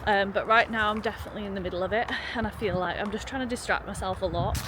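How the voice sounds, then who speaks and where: Speaking quickly with a mid-range voice and fairly even intonation, a young woman vlogs her day in a casual, upbeat way, often at her own expense. The clip moves from cooking at home to walking outside. It sounds roomy and noisy, with loud sizzling and outdoor ambience.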